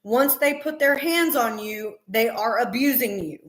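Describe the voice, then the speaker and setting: A middle-aged woman chats on her live stream in an earnest, emphatic way, with plenty of fillers. Her voice sits a little high, and she speaks slowly. The room adds a noticeable echo. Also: a bit bright. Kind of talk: casual live-stream chat. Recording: roomy echo.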